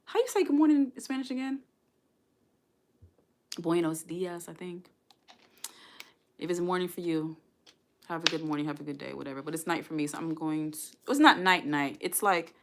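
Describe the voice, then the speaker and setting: Chatty lower-voiced woman livestreaming. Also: a bit bright. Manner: rambling, chatty, encouraging. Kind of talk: casual livestream chat with viewers.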